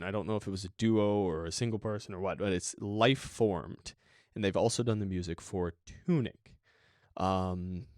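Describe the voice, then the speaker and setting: A man's voice: on the low side, a little mellow, no room sound, clean studio sound. Enthusiastic man reviewing a game. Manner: enthusiastic, rambling with restarts and laughs. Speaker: podcast host. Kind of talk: casual game review monologue.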